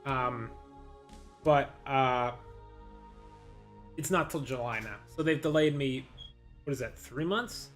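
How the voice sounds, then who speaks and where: A man's voice: medium pitch, slow, pauses often, a bit bright, soft background music. A man venting in a casual vlog, rambling and frustrated, with lots of restarts and quoted back-and-forth. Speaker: vlogger.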